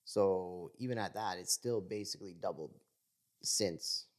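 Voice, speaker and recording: A man with an extremely low, deep voice co-hosts a casual podcast. He weighs in calmly and matter-of-factly. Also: unhurried. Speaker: podcast co-host. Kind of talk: casual chat.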